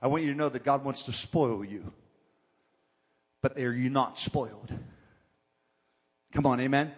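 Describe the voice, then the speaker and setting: A man's voice: medium pitch, measured pace, breathy edge, long reverb tail. A male pastor preaching a sermon, calling for amens and building to fervent exhortation. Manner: call-and-response preaching, rising to fervent exhortation.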